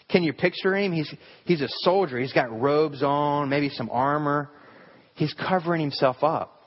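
A man preaching a sermon in a church, talking conversationally and asking the congregation rhetorical questions. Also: fairly high pitch. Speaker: pastor. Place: church sanctuary. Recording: hall reverb, dull lo-fi sound.

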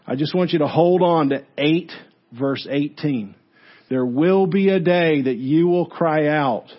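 Husky-voiced male pastor preaching. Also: on the high side, highs cut off. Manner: emphatic and repetitive, reading scripture aloud. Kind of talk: sermon. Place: church sanctuary.

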